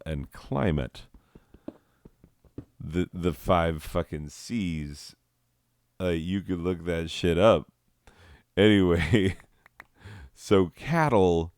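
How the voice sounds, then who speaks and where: A man rambling through a solo chat while high, swearing and giggling as he drifts off topic. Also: a little mellow, clear, resonant tone, no room sound, studio quality. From southwestern United States. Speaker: podcast host.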